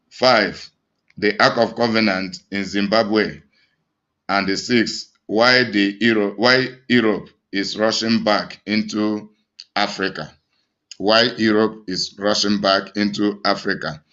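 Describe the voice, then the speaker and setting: A man's voice: on the low side, takes it slowly, fairly bright tone, highs cut off. A man with a Nigerian accent, an evangelist preaching emphatically to his online audience, with many restarts and fillers. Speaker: evangelist and channel host.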